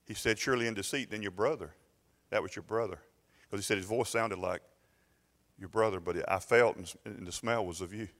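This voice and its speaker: A pastor, telling a story and building to loud, fervent preaching in a sermon. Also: male voice, lowish voice, fairly quick, big-room sound.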